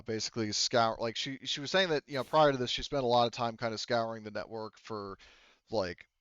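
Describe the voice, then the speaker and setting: A man's voice: mid-range voice, a bit bright, clear, resonant tone, no room sound. A man running a tabletop game as game master, explaining things in a rambling way with many fillers. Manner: rambling, lots of fillers and restarts. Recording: dull lo-fi online call audio.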